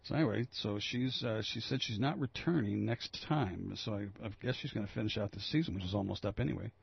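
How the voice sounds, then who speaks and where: A man's voice: fairly low pitch, fairly quick, creaky, slightly rough, no echo, lo-fi sound. A man hosting a talk radio show, reading news items and riffing on them in a rambling, opinionated way. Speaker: local radio host. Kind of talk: casual talk radio commentary.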